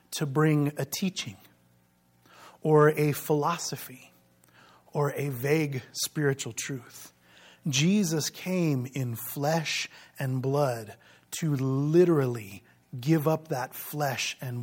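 A man's voice: on the high side, slightly rough. A man preaching a sermon as pastor, emphatic and full of rhetorical questions.

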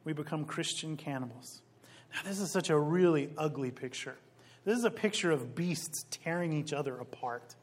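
A man's voice: on the high side, animated. Emphatic man preaching a sermon. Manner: emphatic, slows for key phrases; rises loud on quoted scripture. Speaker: pastor.

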